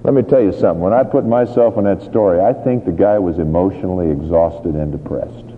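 A man preaching a sermon, telling a Bible story with lively, acted-out scenes. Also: sits low, fairly quick, a little hiss or hum. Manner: animated storytelling, acts out scenes. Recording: tinny phone-like sound in a reverberant hall.

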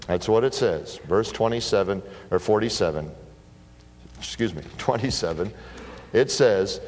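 A middle-aged man preaching a sermon, telling stories with lively bursts of emphasis. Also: fairly low pitch, a little slow. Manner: animated storytelling, bursts of emphasis. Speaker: pastor. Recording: long hall reverb.

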